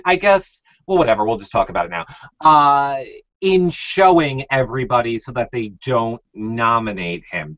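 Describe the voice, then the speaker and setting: A man's voice: mid-range voice, a bit bright, no echo. Opinionated man hosting a casual recap. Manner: opinionated, hands turns to co-hosts. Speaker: recap show host. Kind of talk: casual podcast chat. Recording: slightly muffled dry audio.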